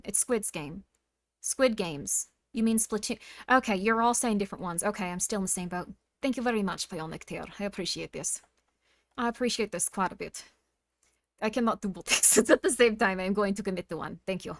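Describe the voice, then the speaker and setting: A woman streamer putting on a stern voice with a thick mock German-Russian accent, dropping articles and speaking in a flat, deadpan way as she chats with her viewers. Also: mid-range voice, no echo, pitched below the performer's own voice, lightly acted. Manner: drops articles, slow, deadpan menace played for laughs. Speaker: streamer reading chat. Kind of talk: live stream chat.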